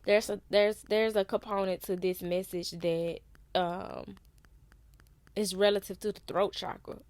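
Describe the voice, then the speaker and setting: A woman giving a casual, unhurried tarot reading in a conversational style, using loose slang. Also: mid-range voice, flat delivery, darkish tone, no room sound. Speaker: tarot reader.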